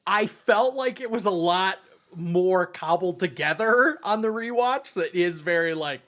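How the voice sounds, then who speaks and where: Guy on a movie podcast, slow and careful, lots of uhs. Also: high-pitched, expressive, a bit bright. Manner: measured, thoughtful, hesitant. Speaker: podcast co-host. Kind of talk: casual movie discussion.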